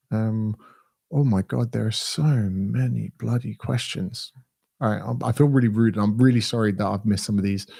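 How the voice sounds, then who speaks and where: Brief: English male fitness coach in his thirties, blunt and ranting, mellow low-toned voice. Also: gravelly. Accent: southern English. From England. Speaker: fitness coach answering viewer questions. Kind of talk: casual Q&A livestream.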